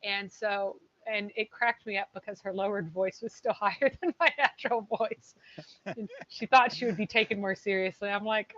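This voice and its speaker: An expressive woman with a low speaking voice, chatting casually on a livestream and telling stories with animation. Her pitch is mid-range, and the audio is a little muffled and lo-fi. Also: normal speed. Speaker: co-host of a livestream. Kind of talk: casual chat. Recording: slightly muffled stream audio.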